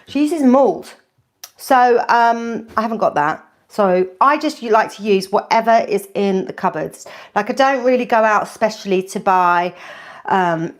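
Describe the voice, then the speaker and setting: A woman hosting a live cooking stream from her kitchen, chatty and a little nervous, with lots of ums and restarts as she greets viewers. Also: a little high. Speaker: food channel host.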